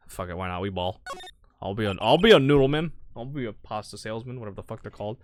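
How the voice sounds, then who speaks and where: A woman streaming a game, muttering low, profane asides between voiced lines. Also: expressive, quick pace, faint music behind. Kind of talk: live game playthrough with voiced dialogue.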